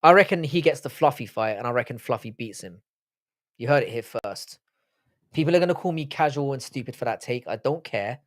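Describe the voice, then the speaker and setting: A man hosts a live stream, reading chat comments aloud and firing back with sweary banter in a casual way. His mid-range voice has lively intonation and moves a little fast. The recording is dry, with clean studio sound.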